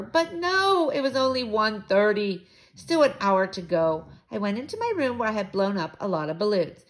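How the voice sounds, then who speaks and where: A woman reading a children's book aloud in an expressive, sing-song way. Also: mid-range voice.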